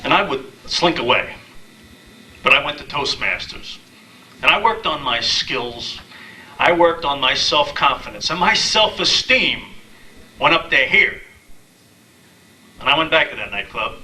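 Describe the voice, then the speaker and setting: A man in his thirties doing a stand-up comedy set, telling dating stories deadpan and acting out the quotes. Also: medium pitch, moderate pace, recorded from a distance, slight background noise, rough recording. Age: 30s. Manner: deadpan storytelling with acted-out quotes. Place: small live comedy venue.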